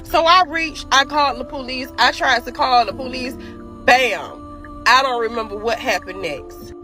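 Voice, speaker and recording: A woman with a bright, sharp voice sits a little high in her range as she talks her audience through a story. She keeps it casual and animated and speaks right to the people watching. Faint music plays underneath. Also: normal speed. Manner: animated, talks straight to viewers.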